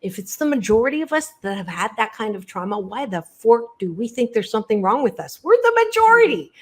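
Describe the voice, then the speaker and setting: A woman in an interview, speaking in an emphatic, motivational way. She repeats phrases for effect and addresses the listener directly, at a middling pitch. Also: lively intonation, fairly quick. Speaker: guest, organizational psychologist. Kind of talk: podcast interview, motivational talk.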